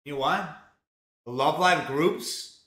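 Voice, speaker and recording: A man's voice: on the high side, extremely slow, fairly bright tone. A young man from Mexico streaming live while he cooks, chatting casually in a rambling, profane way full of fillers. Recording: roomy home echo.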